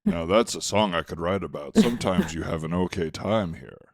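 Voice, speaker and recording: Man playing an eager bard, deep voice, dry close sound, playful. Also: moderate pace, no echo. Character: cheerful male bard, eager songwriter.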